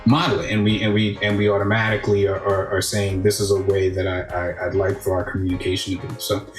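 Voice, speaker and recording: A man's voice: low-pitched, completely flat delivery, quick pace, echoey room, soft background music. A man hosting a casual conversation, chatty and thinking aloud with many restarts. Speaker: podcast host.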